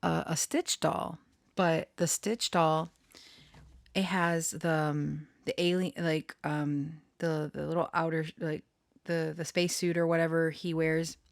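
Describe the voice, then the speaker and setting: Low-voiced and level in tone, this woman speaks at a measured pace with some vocal fry, captured in clean studio sound with no room noise. She's a channeler and storyteller sharing a meandering personal tale in a casual monologue. Embarrassed and self-conscious, she giggles often and keeps restarting sentences, filling them with ums and likes.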